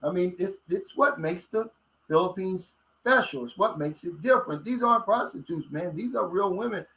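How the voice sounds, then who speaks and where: A man's voice: sits high, normal speed, fairly bright tone, poor audio. A man in his late fifties with a Kentucky accent, chatting casually with viewers as a vlogger, folksy and blunt. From Kentucky, USA. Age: 50s. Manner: folksy and blunt, drawls out filler words. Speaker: vlogger reading viewer comments. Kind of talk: casual livestream chat.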